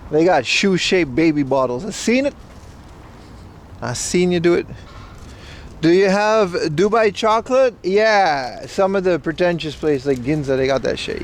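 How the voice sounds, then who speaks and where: A man's voice: on the high side, lively intonation, moderate pace. A young man hosting a casual live stream outdoors, chatting bluntly with profane, bro-ish banter. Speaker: livestream host. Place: outdoors on a city street. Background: faint street and traffic noise.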